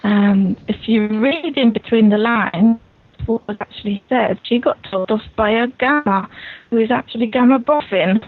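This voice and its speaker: A woman's voice: on the high side, normal speed. Guest, woman, cheeky storyteller, tinny phone-like call. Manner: playful, cheeky. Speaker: podcast guest. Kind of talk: casual podcast chat, recounting a story. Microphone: online voice call. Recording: thin phone-like call audio.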